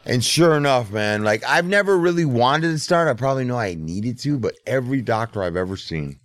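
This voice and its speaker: A man's voice: medium pitch, expressive, fairly quick, hardly any pauses, no room sound. A middle-aged man telling a story in casual podcast chat, laid-back and profane. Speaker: podcast host.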